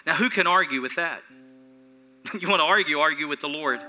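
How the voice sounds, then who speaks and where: A pastor preaching an earnest, animated sermon in a church, repeating phrases for emphasis and chuckling between points. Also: male voice, a little high, normal speed, pauses often, soft background music.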